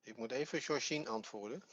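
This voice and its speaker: A man's voice: medium pitch, breathy edge, lo-fi sound. A man with a Dutch accent, his first language Dutch, teaching an online language lesson patiently and step by step with repetition. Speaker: Hebrew teacher.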